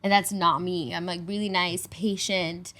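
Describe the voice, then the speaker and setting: A woman's voice: fairly low pitch, little pitch movement, normal speed, fairly bright tone. Candid woman sharing with fillers. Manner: candid, heartfelt, filler-heavy with frequent "like". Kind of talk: casual podcast conversation.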